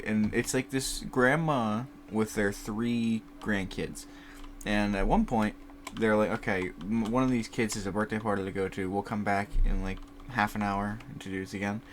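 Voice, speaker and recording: A slightly low-voiced young man in his twenties chats on his own, rambling, laughing often and swearing in passing. He talks into a desk mic set up by his computer at home, with a faint hiss behind him. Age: 20s. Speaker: podcast host. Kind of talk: casual solo chat. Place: home recording setup by a computer. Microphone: desk mic set higher, farther from computer.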